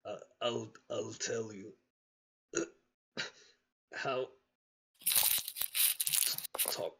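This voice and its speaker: A man voicing a frightened, stubborn male captive who stammers and speaks haltingly as he gives in. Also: fairly low pitch, fairly even intonation, vocal fry, fairly bright tone, slight background noise, heavily acted, poor audio. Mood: stubborn, pained.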